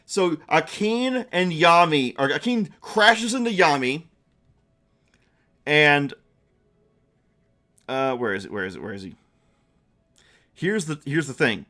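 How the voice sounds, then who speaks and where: A young man narrating a live-streamed tabletop game as game master, chatty with quick asides. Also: a little high, expressive, pushed and bright. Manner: chatty, quick asides, laughs at own jokes.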